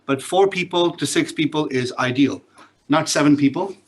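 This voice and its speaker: A man's voice: a little high, moderate pace, breathy edge. A male business professor giving a class direct instructions, often checking in with "all right?".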